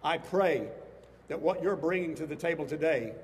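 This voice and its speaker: Speaking at a rally on the capitol steps, a state legislator delivers an impassioned address that swells into emphatic outbursts. His voice runs on the high side with a darkish tone and moderate pace, heard with a large-hall sound and slight background noise.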